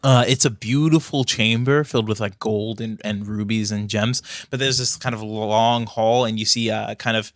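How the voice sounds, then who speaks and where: Low-voiced man running a tabletop game. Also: steady tone, normal speed, hardly any pauses, no echo. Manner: loose, casual with many fillers. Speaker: game master.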